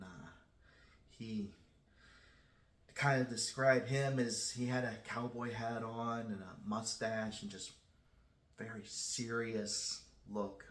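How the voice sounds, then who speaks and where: A man hosting his own channel, telling a personal story in a casual, halting way with many restarts. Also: fairly low pitch, a bit bright, reverberant. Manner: self-described shy. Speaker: channel host.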